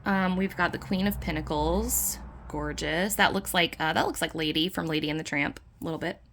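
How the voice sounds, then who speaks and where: A woman's voice: sits low, moderate pace, vocal fry, fairly bright tone, a little hiss or hum. A woman chatting her way through a tarot deck, enthusiastic and full of fillers. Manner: puts on playful dog voices in quotes. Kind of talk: casual deck flip-through.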